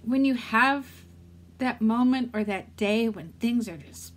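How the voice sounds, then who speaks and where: A woman's voice: fairly high pitch, slow. A middle-aged woman talking candidly to her vlog audience, rambling and talking herself through a hard day while near tears. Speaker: vlogger. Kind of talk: casual vlog talk.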